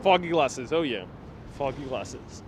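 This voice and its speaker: Walking a city street on a live stream, a young New Yorker talks in an animated, unhurried, mid-range voice, joking and reading out comments from viewers. The wireless clip-on mic picks up heavy street traffic behind him.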